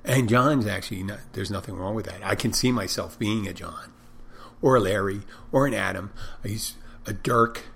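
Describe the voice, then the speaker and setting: A man with a husky, rough-edged voice rambles through a casual monologue. He barks his words loudly, like a drill instructor, and keeps poking fun at himself. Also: lowish voice. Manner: rambling, self-deprecating, loud barking delivery. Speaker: bartender and podcaster.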